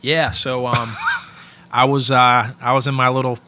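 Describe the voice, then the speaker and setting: A man's voice: medium pitch, unhurried, slight background noise. A man, a podcast guest who works with hockey equipment, chatting casually and telling stories with easy laughs. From Pittsburgh area. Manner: relaxed storyteller, laughs often. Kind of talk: casual interview chat.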